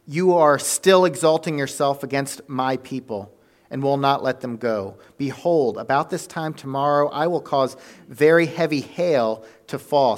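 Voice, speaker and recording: Male preacher, mid-pitch, animated storyteller, casual sermon delivery. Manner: animated storytelling with fillers and self-corrections.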